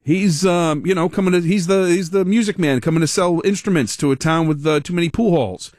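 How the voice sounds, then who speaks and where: A man hosting a political talk radio show, giving animated, rambling, sarcastic commentary. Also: a little high, fairly quick, no echo.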